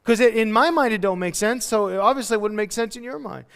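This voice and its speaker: A male pastor preaching a casual, animated sermon, acting out quotes as he goes. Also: high voice, fast, creaky, clean tone, big-room sound. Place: church hall.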